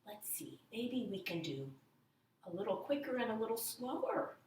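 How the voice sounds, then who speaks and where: A woman's voice: fairly high pitch, big pitch swings, moderate pace, distant mic, very noisy. A woman teaching young children rhythm at home, chanting and counting the beats in a sing-song way. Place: at home, indoors. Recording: echoey room, voice a little off-mic.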